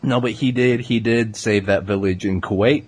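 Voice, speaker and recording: A man hosting a casual comedy chat, rambling through deadpan tall tales with lots of hesitant fillers. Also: lowish voice, normal speed, husky. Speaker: podcast host.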